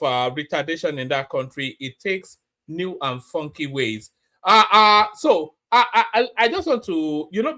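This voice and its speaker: A man's voice: a little high, sharp tone. A man hosting a news commentary show, talking in a mocking, casual way with many fillers and restarts. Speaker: commentary channel host.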